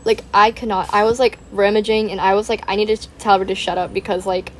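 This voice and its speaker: A woman's voice: mid-range voice, little pitch movement, quick pace, a little hiss or hum. A young woman hosting a gaming channel, rambling in casual chat, saying "like" constantly, giggling and apologizing.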